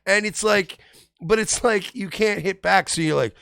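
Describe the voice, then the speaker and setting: Man, podcast host, gravelly, very lively pitch, dry close sound, rambling comedic chat. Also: moderate pace, dry recording. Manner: rambling, animated, frequent crude jokes and quoted voices.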